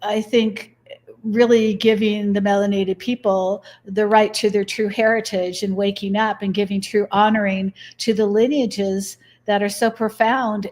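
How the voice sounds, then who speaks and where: A woman's voice: mid-range voice, a little mellow. A middle-aged woman speaks as an interview guest. She tells personal stories earnestly, acting out the dialogue as she goes. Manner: earnest, acts out quoted dialogue. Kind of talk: interview storytelling.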